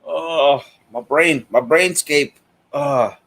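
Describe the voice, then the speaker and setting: A man's voice: a little high, slow pace, a bit bright. A man hosting a live cigar stream in a chatty, casual way, greeting viewers by name. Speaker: host of a cigar show.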